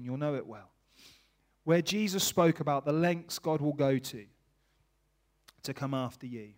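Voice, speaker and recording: A man preaching a sermon, tearful and emotional, swinging from hushed to loud. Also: fairly high pitch.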